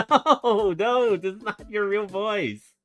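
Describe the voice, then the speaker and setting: A man's voice: sits high, takes it slowly, fairly bright tone. A man streaming casually, laughing often and teasing, stumbling over his words. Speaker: streamer and illustrator. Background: background music.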